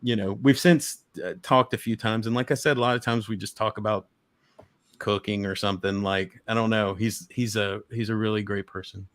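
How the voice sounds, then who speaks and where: A man's voice: fairly low pitch, steady tone, moderate pace. Chatty man on a video call. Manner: rambling, enthusiastic, many restarts. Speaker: guest collector. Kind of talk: casual chat.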